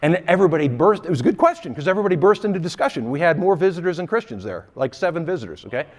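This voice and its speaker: A man's voice: a little high, very fast. A middle-aged man preaching as a guest, telling a humorous story with frequent laughter and mimicked voices. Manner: animated, laughing often, mimics voices in quoted lines. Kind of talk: storytelling sermon.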